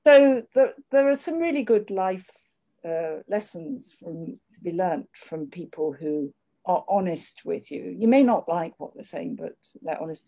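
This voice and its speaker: An older woman speaking in a measured, candid way, with frequent restarts, reflecting on her working life. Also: lowish voice, expressive, gravelly, warm tone. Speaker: interviewee. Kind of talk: reflective conversation.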